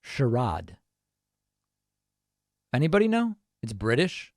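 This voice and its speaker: A man's voice: fairly high pitch, very animated, normal speed, no echo, studio quality. A man hosting a live show, reacting to a video clip with sarcastic, incredulous commentary.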